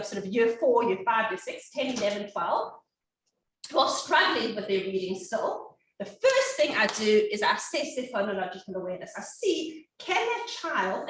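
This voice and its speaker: Animated woman in an echoey room. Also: fairly high pitch, a little hiss or hum. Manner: animated, demonstrates sounds for children. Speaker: reading specialist. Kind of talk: educational talk. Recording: echoey room, distant mic.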